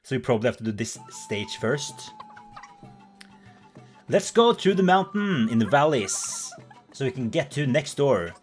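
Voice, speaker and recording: A man's voice: mid-range voice, big pitch swings, measured pace, long pauses, faint music behind. A man commentating a video game in a playful, bubbly way, gasping and making silly sound effects. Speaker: let's play host.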